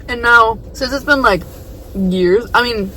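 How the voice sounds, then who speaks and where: A woman's voice: fairly high pitch, measured pace, bright, forceful tone, slight background noise, poor audio. A young woman vlogging from her parked car, telling a story in a rambling, self-deprecating way, full of fillers and asides. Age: young adult. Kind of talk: casual storytelling vlog.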